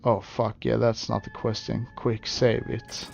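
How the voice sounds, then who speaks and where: Slow, gravelly male streamer. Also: medium pitch, level tone, lo-fi sound, over loud music. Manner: hesitant, with frequent "uh" and asides. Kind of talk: casual gameplay commentary.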